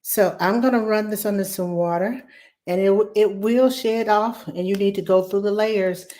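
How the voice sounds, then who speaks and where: A woman, hoarse from laryngitis, chatting warmly as she hosts a live cooking demo and greets viewers by name. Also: mid-range voice, fairly even intonation, moderate pace. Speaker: cooking show host.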